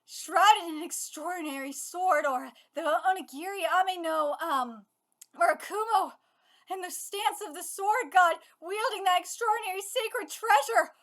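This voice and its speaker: Very high, bright-voiced excitable woman. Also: normal speed. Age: 30s. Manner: excitable, swearing, shouting and gushing. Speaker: manga reaction youtuber. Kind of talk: live reaction commentary. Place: home setup with her cat.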